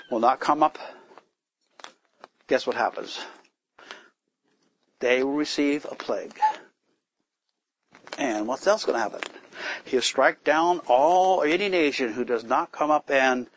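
A man's voice: mid-range voice, a little hiss or hum, poor audio. A man giving an informal sermon, teaching from scripture and asking his listeners questions, sometimes raising his voice to act out complaints. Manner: animated, acts out complaints in a raised voice; conversational, asks the listeners questions. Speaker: Bible teacher.

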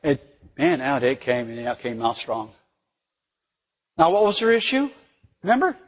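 Impassioned preacher in a reverberant hall. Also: male voice, on the high side, big pitch swings, moderate pace, pauses often, slightly rough, dull audio. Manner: rises to loud, emphatic bursts when voicing scripture, then drops quiet and reflective; stumbles over words and laughs at himself. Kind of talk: Bible-teaching sermon.

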